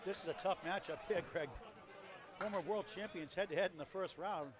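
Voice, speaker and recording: Male play-by-play caller, high voice, quick score calls over a roaring bowling crowd. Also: noisy background. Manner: rapid score calls, lively promo plugs. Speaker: play-by-play commentator. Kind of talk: live bowling commentary. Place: bowling alley. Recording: loud crowd in a bowling hall.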